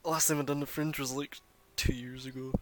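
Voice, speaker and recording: A man's voice: mid-range voice, flat delivery, a little fast. Rambling, foul-mouthed man running the game. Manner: rambling storyteller, swears freely. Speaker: game master. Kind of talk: casual chat during a break.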